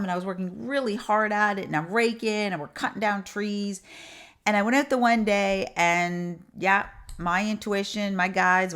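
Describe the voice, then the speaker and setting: A middle-aged woman who coaches intuition, talking casually to camera and telling stories with animated, repeated emphasis. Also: medium pitch, clear, resonant tone. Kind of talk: casual teaching talk.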